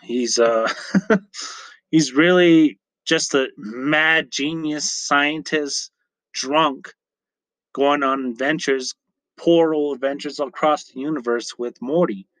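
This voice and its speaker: Slow-talking man with a dry podcast mic. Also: a little high, a bit bright, no room sound. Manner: rambling, chatty, self-correcting with frequent fillers. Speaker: podcast host. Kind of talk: casual solo podcast chat.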